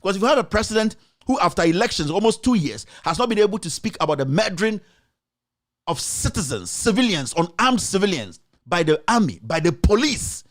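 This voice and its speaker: His voice sits high and sing-song, and he talks briskly in Ghanaian English. As a talk show host offering passionate political commentary, he confronts critics directly with repeated rhetorical questions.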